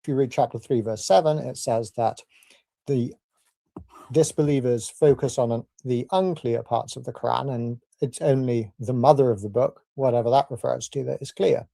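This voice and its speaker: Gravelly man giving a debate rebuttal. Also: medium pitch, warm tone, no room sound. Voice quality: measured, argumentative delivery.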